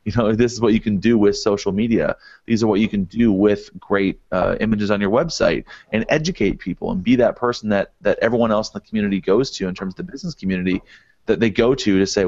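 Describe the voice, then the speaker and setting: A man with a low, gravelly voice talks through his advice with steady earnestness and keeps restarting his phrases. The sound is dry and dull, like a lo-fi podcast mic. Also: quick pace, no echo. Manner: earnest, advisory, many restarts. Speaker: podcast co-host. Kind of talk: casual advice in a podcast panel.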